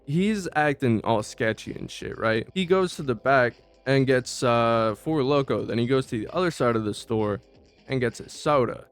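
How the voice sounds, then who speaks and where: A man's voice: medium pitch, moderate pace. Profane guy telling stories. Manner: profane, slangy, animated, stammers on restarts. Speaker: vlogger recounting old job. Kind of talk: casual storytelling. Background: faint background music.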